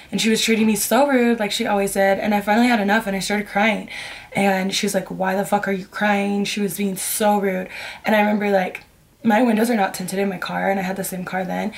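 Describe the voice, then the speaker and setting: A young woman recounts a personal story straight to camera in a loose, casual storytime manner. Her telling is candid and rambling, full of "like" and restarts, at a middle pitch for a woman. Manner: candid, rambling, heavy use of "like". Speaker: vlogger.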